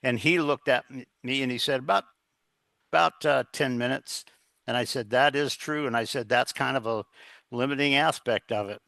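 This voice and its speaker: Man, bright voice, dry close sound, interview guest, earnest storyteller. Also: mid-range voice, normal speed, gravelly, no room sound. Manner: earnest, anecdotal, quotes others in dialogue.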